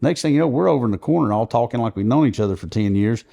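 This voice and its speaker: Mellow-voiced man telling a story. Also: mid-range voice, expressive, racing, vocal fry. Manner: earnest, recounting events at length. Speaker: podcast guest. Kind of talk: conversational storytelling.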